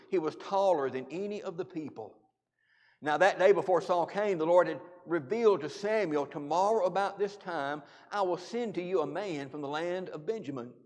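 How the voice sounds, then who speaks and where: A man preaching a sermon in a church, earnest and halting, with frequent restarts. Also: high voice. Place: church auditorium. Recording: church hall reverb.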